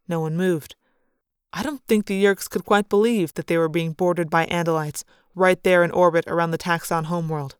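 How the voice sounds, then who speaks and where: A woman reads a science-fiction story aloud in first person, leaning into the action with dramatic energy. Her voice is smooth and resonant, on the lower side. The recording is close and dry, with no room sound. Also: dry recording. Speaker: audiobook narrator.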